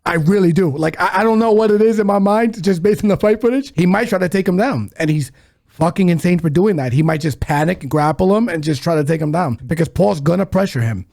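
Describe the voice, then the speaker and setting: A man co-hosting a fight podcast, talking through his picks in a blunt, casual way. His voice sits fairly high with a gravelly rasp. He drops swear words as he explains himself. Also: expressive, a little fast, a little mellow. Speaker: podcast co-host. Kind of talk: casual sports betting chat.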